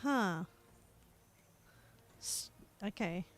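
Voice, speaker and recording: A woman's voice: mid-range voice, lively intonation, very slow, no room sound. An Australian woman streaming a game, chatting casually and rambling as she searches for words. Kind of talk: casual chat while gaming.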